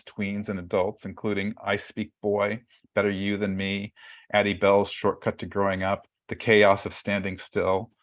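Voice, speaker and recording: A man's voice: lowish voice, highs cut off. A man hosting a writing webcast over a video call, talking in a chatty, rambling way with many fillers and restarts. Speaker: webcast host. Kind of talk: casual webcast introduction.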